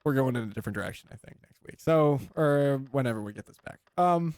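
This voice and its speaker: A man hosting a comedy podcast, chatting casually and riffing on jokes with quick tangents. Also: medium pitch, expressive, a little mellow, dry recording. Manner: rambling, joking, quick tangents. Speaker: podcast host.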